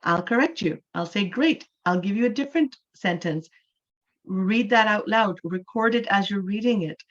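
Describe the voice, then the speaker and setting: A woman's voice: mid-range voice, moderate pace. Female English teacher from Canada, mid-range voice, explanatory and checks in with "right?"; muffled online-class sound.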